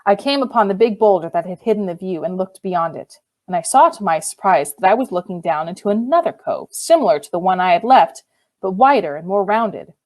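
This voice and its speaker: An audiobook reader, a woman with a medium-pitched voice, narrates a first-person novel in a measured, expressive way.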